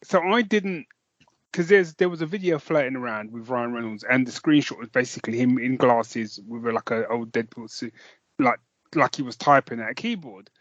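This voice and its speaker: A man's voice: mid-range voice, moderate pace, a bit bright, no echo. A man from England co-hosting a casual podcast chat, rambling and playful. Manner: chatty, rambling, with playful put-on voices. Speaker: podcast co-host. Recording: dull, dry sound.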